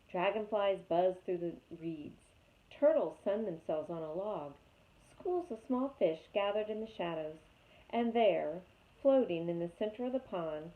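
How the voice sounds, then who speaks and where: A woman reading a chapter book aloud with lively, expressive storytelling. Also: mid-range voice. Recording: tinny phone-like sound.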